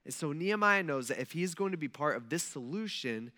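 A man's voice: on the high side, animated, a little fast, sharp tone. A man preaching a sermon in a conversational style, full of asides to his listeners. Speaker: pastor. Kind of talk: casual sermon.

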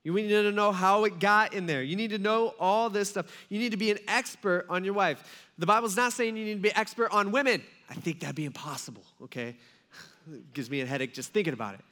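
A man's voice: high-pitched, a little fast, bright, forceful tone. A man preaching a sermon as a pastor, telling a story in a casual, joking way with many asides.

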